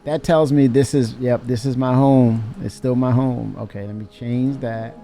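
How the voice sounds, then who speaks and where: Brief: male streamer, gravelly and dark, talks to himself slowly while playing, faint music behind. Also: mid-range voice, fairly even intonation. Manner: muttering to himself, laughing, mock raging. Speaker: game streamer. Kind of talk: casual live game commentary.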